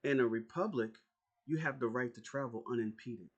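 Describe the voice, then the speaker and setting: A man's voice: medium pitch, normal speed, slightly rough, dull audio. A man delivering an angry, profane political rant as a YouTuber, confrontational and repeating his points.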